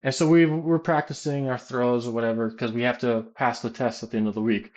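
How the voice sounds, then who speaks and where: American guy rambling through an army story, lots of ums and restarts, average pitch, casual q&a vibe. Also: brisk, highs cut off. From United States. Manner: rambling, animated, many fillers and restarts. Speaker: gaming YouTuber and teacher.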